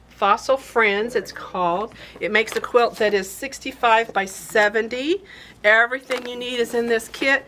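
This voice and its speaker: A woman's voice: medium pitch, pushed and bright, a little hiss or hum. A woman hosting a casual product showcase in a fabric shop, chatty and gushing with enthusiasm. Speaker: quilt shop host.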